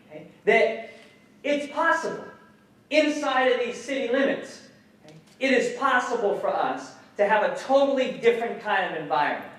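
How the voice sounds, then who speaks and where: A man giving a public lecture as an educator, animated, questioning the audience and swearing casually. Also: extremely high pitch. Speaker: guest speaker, educator. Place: lecture hall. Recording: echoey hall, mic some distance off.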